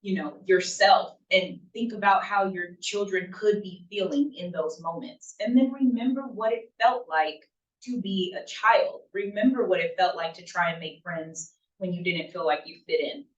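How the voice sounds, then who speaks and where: At a moderate pace and in a lowish voice, a woman presents a talk to parents, chatting with them and regularly asking "right?". The audio is lo-fi, with a dull, roomy, far-off room sound.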